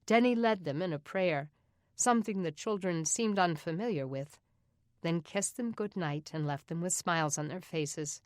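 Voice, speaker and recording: A woman narrating an audiobook in an even, steady reading voice. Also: fairly low pitch, moderate pace, no room sound, clean studio sound. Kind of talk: scripted narration.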